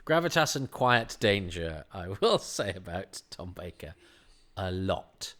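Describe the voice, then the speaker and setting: A man giving a casual commentary on a classic TV serial, chatty and halting, breaking into acted-out quotes. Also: deep voice, very animated, fairly bright tone.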